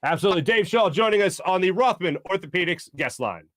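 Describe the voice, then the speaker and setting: A man's voice: sits high, lively intonation, fast, a bit bright, slight background noise. Chatty male sports talk host. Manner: chatty, rambling, lots of fillers. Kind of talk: casual sports radio chat.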